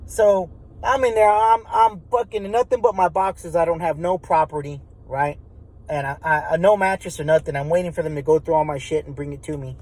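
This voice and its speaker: A man tells a story in loose, everyday talk, swearing freely and circling back on his words. His voice sits fairly high for a man. He rambles, restarts and keeps checking in with the listener. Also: steady tone, fairly quick, darkish tone, poor audio. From Texas. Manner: profane, rambling, many restarts. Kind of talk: casual spoken storytelling.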